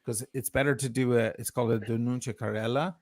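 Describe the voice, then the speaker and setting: A man's voice: medium pitch, steady tone, fast talker, darkish tone, no echo, clean studio sound. A man telling a heated, profane story of grievance as a guest on a livestream. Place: lives in Italy.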